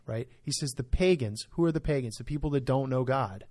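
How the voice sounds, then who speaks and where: A man's voice: medium pitch, a little fast, darkish tone. A man, a pastor, talking through a topic on a church podcast in an earnest, emphatic way, often checking in with "right?". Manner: earnest, emphatic, full of "right?" tag questions. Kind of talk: podcast discussion.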